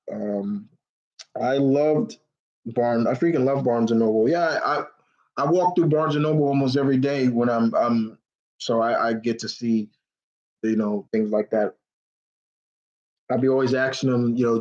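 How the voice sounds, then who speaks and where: A man's voice: mid-range voice, moderate pace. Emotional rambling man on a live stream. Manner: rambling, many restarts and fillers; openly emotional, near tears. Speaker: host of a live Q&A. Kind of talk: casual live stream chat. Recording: dull lo-fi stream audio.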